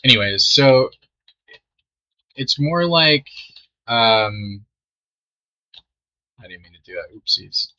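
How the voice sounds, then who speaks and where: A young man with an intensely bright, sharp-edged voice rambles through a story, swearing and losing his train of thought. The sound comes through a dull, lo-fi mic. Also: mid-range voice, expressive, slow pace, long pauses. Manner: rambling, swearing, trailing off mid-sentence. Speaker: storytelling gamer. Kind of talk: casual storytime while playing a game.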